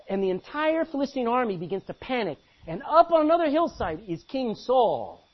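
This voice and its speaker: A man preaching a sermon in an animated way, acting out Bible scenes as he goes. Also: very high-pitched, fast, hardly any pauses, slightly rough. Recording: dull lo-fi recording.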